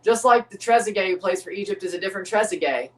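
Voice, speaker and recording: A woman's voice: medium pitch, quick pace. Woman streamer rambling thru a watchalong, cracking jokes, mic a little far off. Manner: rambling, joking, reads out chat. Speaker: livestream host. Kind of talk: casual watchalong commentary.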